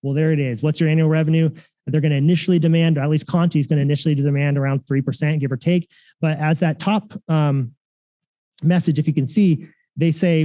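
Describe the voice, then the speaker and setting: A man's voice: fairly high pitch, fairly even intonation, quick pace, dark tone. A man giving a security conference talk, casual and full of fillers and restarts. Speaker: conference speaker. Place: conference room.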